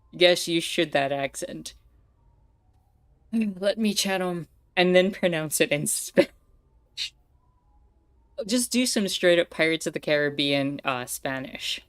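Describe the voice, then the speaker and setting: A woman's voice: sits low, clear, resonant tone. A woman streamer giving casual, playful commentary while playing a game, chatting with viewers and laughing often.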